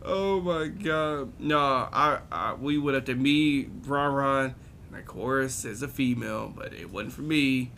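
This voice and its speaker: A man's voice: medium pitch, unhurried, a bit bright, slight background noise. A man in casual chat with friends, telling a story with lots of laughter.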